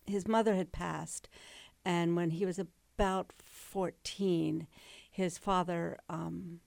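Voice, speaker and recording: A woman in her sixties tells stories with a low, gravelly voice and laughs often along the way. She sounds close and dry on the mic, in a relaxed talk show. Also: slow pace, no echo. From Northern Virginia. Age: 60s. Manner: chatty storyteller, laughs often. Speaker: interview guest. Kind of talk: casual interview chat.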